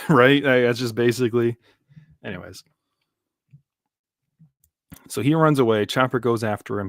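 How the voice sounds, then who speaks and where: A man's voice: mid-range voice, measured pace, long pauses, no room sound, clean studio sound. A man streaming a live reaction, rambling casually with lots of fillers and restarts. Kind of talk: live manga reaction commentary.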